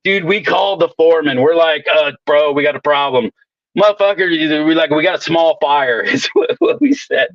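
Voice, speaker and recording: A man's voice: fairly high pitch, moderate pace, no echo, lo-fi sound. A man telling rowdy work stories in casual, profane chat, swearing constantly. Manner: swaggering storyteller, swears constantly. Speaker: welder co-host.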